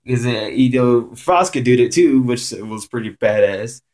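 A man giving a casual rant-style video review, excitable and rambling, repeating himself and jumping up in pitch when worked up. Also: measured pace. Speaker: anime reviewer.

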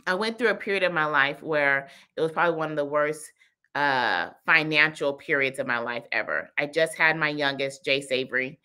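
A woman business coach talking on a live stream, telling stories in an animated, chatty way. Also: on the low side. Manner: animated, chatty, heavy use of "like".

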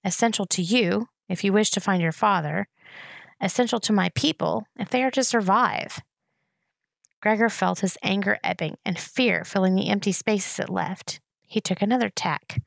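A woman's voice: medium pitch, lively intonation, moderate pace, vocal fry, no echo. A woman reading a children's novel aloud, shifting her voice a little for the characters. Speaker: reader.

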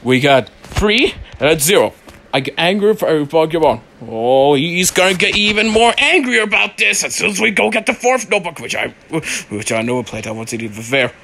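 A man's voice: a little high, big pitch swings, a little fast, gravelly, sharp tone, a little hiss or hum. A young man giving let's play commentary on a horror game, panicky and pleading, repeating phrases over and over. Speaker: gamer playing a horror game.

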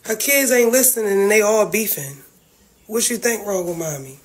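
Woman, mid pitch, blunt profane heartfelt venting straight to camera. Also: normal speed. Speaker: reality-TV family member livestreaming. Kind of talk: emotional venting to a livestream.

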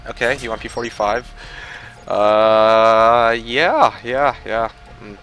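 A man giving casual live commentary while playing an online shooter, muttering, swearing and breaking into yells and laughter. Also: lowish voice, slow pace, slight background noise. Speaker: gaming livestreamer.

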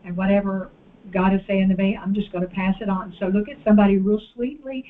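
A woman preacher delivering an animated sermon and calling out to the congregation in a church. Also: medium pitch, fast. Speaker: guest preacher. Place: church sanctuary. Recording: tinny phone-like audio.

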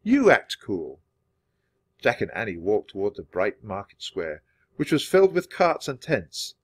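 A man reading a children's chapter book aloud in a clear, steady storytelling manner. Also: fairly low pitch, normal speed, no echo, clean studio sound. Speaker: storybook reader.

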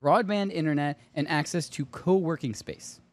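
A man's voice: fairly high pitch, moderate pace. A man hosting a pop culture podcast in casual chat, laughing often as he tells stories. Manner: laughs often, animated storytelling. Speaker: podcast host.

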